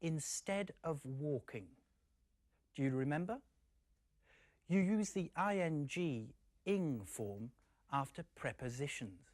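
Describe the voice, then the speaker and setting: Male course presenter, measured explanations, dry close recording. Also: a little high, animated, darkish tone, dry recording. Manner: slow, clear explaining. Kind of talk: scripted teaching presentation.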